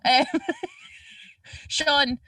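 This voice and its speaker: Co-host, giggly, high and bright voice, dry room. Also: female voice, steady tone, drawn-out words, no echo. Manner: giggly, breaks into laughter often. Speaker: podcast co-host. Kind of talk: casual chat. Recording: dry distant mic.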